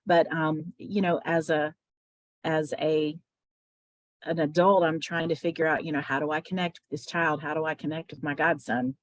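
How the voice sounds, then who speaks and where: A woman on a video call at an open mic, telling a personal story with many pauses, then reading her spoken-word poem. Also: low-pitched, fairly even intonation, no room sound. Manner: halting with fillers, gets emotional.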